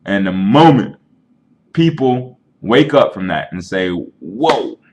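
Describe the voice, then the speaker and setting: A man's voice: on the low side, lively intonation, a little slow, darkish tone. A man making an argumentative, earnest case in a casual webcam rant, explaining his point through analogies. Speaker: vlogger.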